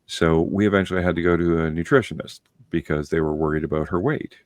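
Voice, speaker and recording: A man's voice: low voice, fast, no room sound, clean studio sound. A man, hosting a podcast and telling a story in casual chat, blunt and full of swearing. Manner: blunt and profane, animated storyteller. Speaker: podcast host.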